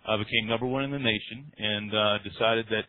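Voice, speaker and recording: A man's voice: lowish voice, fairly even intonation, brisk. A man from North Carolina with a Southern accent, telling his story as a client guest on a conference call in an earnest, self-deprecating way. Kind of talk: testimonial talk on a conference call. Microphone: phone call. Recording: dry phone-line audio.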